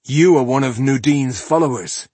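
Man doing a stern dwarf leader, curt orders, husky voice, dry sound. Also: mid-range voice, normal speed, a little mellow, no echo, voice pushed up, close to an everyday voice. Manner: curt, commanding.

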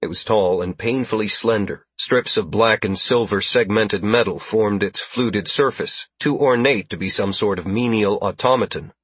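Brief: male narrator, low-pitched, husky, steady scripted narration, dry close mic. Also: normal speed, few pauses, no echo. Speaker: audiobook narrator.

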